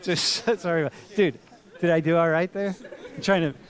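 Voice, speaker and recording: A man's voice: on the high side, steady tone, normal speed. A man teaching a university class in a large lecture hall, talking casually and playfully, calling students dude and bro. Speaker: university professor.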